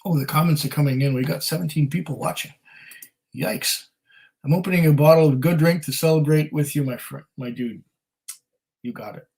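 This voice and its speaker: A man's voice: fairly high pitch, brisk, vocal fry, darkish tone, poor audio. A man hosting a whisky channel, casually reading viewer comments aloud on a livestream in a rambling, self-deprecating way. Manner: rambling and self-deprecating, with many fillers and laughs.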